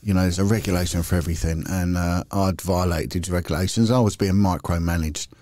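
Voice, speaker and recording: Deep man, dark mellow tone, dry sound, candid rambling storyteller, middle-aged podcast guest. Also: steady tone, fast, no echo. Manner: candid, rambling, chatty with frequent restarts. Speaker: podcast guest, former police detective. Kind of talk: casual anecdotal storytelling.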